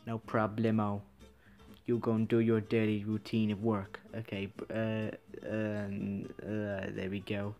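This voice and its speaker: A man's voice: on the low side, flat delivery, unhurried, darkish tone, faint music behind. A man giving let's-play commentary, muttering to himself and swearing casually as he plays. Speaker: gaming video creator.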